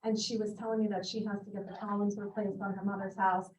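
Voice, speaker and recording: A woman agent speaks up in a team meeting, direct and emphatic, hammering her points home. Her mid-pitched voice sounds distant in an echoey room. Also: flat delivery, quick pace, a little mellow, muffled recording. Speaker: real estate agent. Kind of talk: sharing advice at a team meeting.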